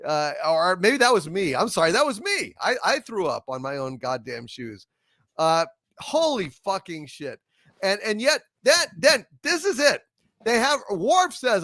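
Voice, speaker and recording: A man on an angry, profane rant, his voice jumping high and low and breaking into shouts. The tone is bright and sharp, recorded dry and close with no room sound. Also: sing-song, measured pace, dry recording. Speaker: panel show host. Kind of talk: angry ranting commentary.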